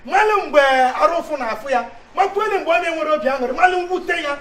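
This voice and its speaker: A man's voice: very high voice, expressive, fast, fairly bright tone. An actor playing a preachy man with a Nigerian accent who lectures in an emphatic, sermon-like way. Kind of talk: comic TV drama. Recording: roomy and distant.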